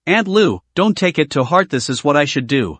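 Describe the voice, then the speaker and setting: A man voicing a hypocritically polite young man who sounds smooth and falsely courteous. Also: on the high side, very animated, moderate pace, fairly bright tone, dry recording, full character voice.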